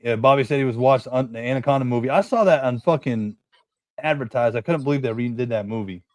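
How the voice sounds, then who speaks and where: A man's voice: medium pitch, quick pace, no room sound. A man, co-hosting a casual podcast chat, rambling through stories and swearing constantly. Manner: swears a lot, rambling storytelling. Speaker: podcast co-host.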